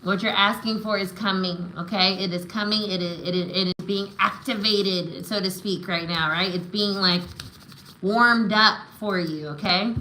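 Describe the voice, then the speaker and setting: Bright-voiced woman reading tarot live. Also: mid-range voice, steady tone, moderate pace, roomy sound, a little hiss or hum, low-quality recording. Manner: affirming, says "right?" and "okay?" often; emotional, spiritual encouragement. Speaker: tarot reader.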